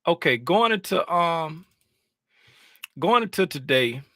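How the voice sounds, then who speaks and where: A man giving casual live-stream commentary as a trading educator, rambling and animated, repeating phrases as he vents. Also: a little high, takes it slowly, dry recording.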